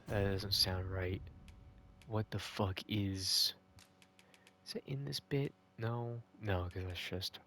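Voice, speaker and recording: A man's voice: fairly low pitch, a bit bright, dry recording. A man recapping a video game, ranting and swearing in frustration. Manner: ranting, profane and exasperated. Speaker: gaming video host. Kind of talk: casual game recap commentary.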